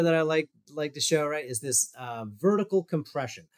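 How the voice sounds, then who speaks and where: A man's voice: fairly high pitch, measured pace. A man, a physical therapist, giving a loose, conversational talk over a video call while walking through exercise videos, with fillers and asides. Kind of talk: casual presentation over shared screen.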